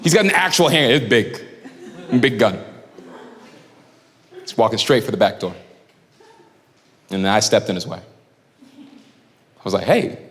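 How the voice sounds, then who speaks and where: A man performing a stand-up comedy set, telling stories with lively shouting and acting out characters. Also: on the low side, measured pace, pauses often, slight background noise. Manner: animated storytelling, shouting punchlines, acting out characters. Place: large hall before a live audience. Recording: live hall reverb, loud crowd. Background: crowd laughing.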